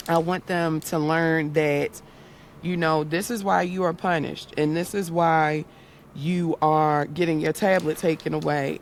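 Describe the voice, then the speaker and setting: Earnest woman with a gravelly edge. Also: low-pitched, a little hiss or hum. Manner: earnest storytelling, acting out quoted voices. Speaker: guest, content creator and autism awareness activist. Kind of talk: casual interview talk.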